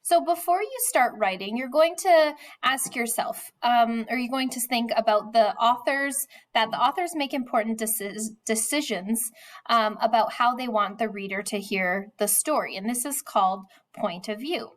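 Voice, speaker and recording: A woman's voice: a little high, moderate pace. A woman teaching a reading lesson, walking the class through a worksheet step by step and then reading a novel's chapter aloud, with some hesitant fillers.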